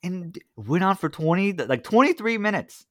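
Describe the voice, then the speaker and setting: A male podcast host telling a story in a casual, animated way. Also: sits high, moderate pace, dry recording, clean studio sound. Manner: animated, laughing retelling.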